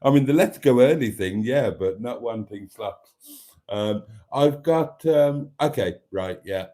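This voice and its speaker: A man's voice: on the low side, expressive, slow, dark tone. A man hosting a live stream, chatting casually as he reads out viewer comments in a camp, teasing way with frequent laughs.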